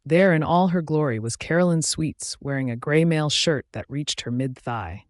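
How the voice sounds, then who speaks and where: A man's voice: on the high side, moderate pace, no room sound. Man reading a story, dry and close. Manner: steady first-person storytelling, dropping quiet on tags. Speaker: narrator. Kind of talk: reading a werewolf story aloud.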